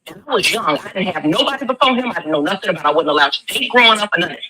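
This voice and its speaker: A woman's voice: fairly low pitch, lively intonation, very fast, bright, forceful tone, low-quality recording. A woman, talking with emphatic, preachy force and rhetorical questions. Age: 40s. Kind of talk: impassioned commentary.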